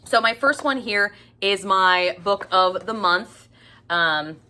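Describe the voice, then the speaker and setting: A woman talking through her reading in a loose, chatty book-vlog way, with a bright, forward tone. She gushes freely, stacks up repeated words for emphasis and lets a swear word slip now and then. Her pitch sits right in the middle. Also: takes it slowly. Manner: casual, with the odd swear word. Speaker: book vlogger. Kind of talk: casual book review chat.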